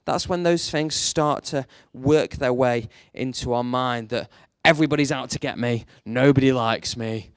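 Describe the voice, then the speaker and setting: A man preaching a sermon with animated storytelling that swings between hushed and emphatic. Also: mid-range voice, moderate pace, hardly any pauses, clean tone, no room sound, studio quality.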